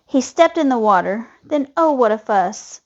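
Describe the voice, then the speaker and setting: A woman reading a children's storybook aloud in a lively, expressive way. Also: on the high side, normal speed. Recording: dull lo-fi recording.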